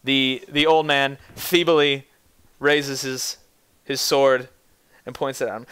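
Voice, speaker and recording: Young male game master, bright forceful voice, dry close sound; animated narration. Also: mid-range voice, slow, clear, resonant tone, dry recording.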